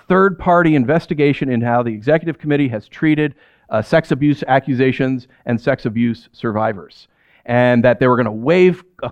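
Male pastor, candid sermon storytelling, a bit high-pitched, dry close sound, slightly muffled. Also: no echo. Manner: animated, self-deprecating storytelling.

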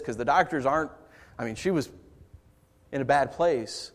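A man preaching a sermon as pastor, moving between quiet storytelling and raised, impassioned passages. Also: medium pitch, brisk, long pauses.

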